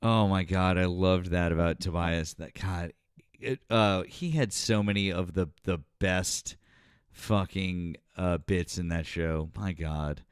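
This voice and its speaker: A man's voice: deep voice, fairly even intonation, slow pace, smooth, dry recording, studio quality. A man hosting a casual politics livestream, rambling, swearing now and then, and thanking viewers from the chat. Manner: rambling, swears, many fillers, reads chat aloud.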